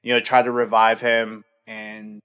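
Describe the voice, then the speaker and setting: A man in his thirties hosting a podcast, telling a personal story in an earnest, open way, halting and full of fillers. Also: lowish voice, completely flat delivery, a bit bright, clear, resonant tone, muffled recording. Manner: halting, heavy use of fillers. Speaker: podcast host.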